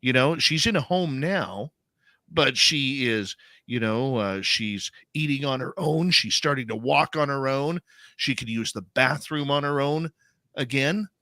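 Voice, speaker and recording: A man hosting a radio show, talking in an animated, emphatic, chatty way with lots of fillers. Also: medium pitch, a little slow, dry recording, clean studio sound. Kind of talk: conversational interview talk.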